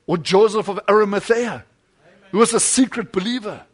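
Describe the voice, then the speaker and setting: A man preaching a sermon, telling a story with dramatic swings between loud declamation and hushed low passages, acting out the lines of the people in it. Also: moderate pace, husky. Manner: acts out quoted dialogue within the story.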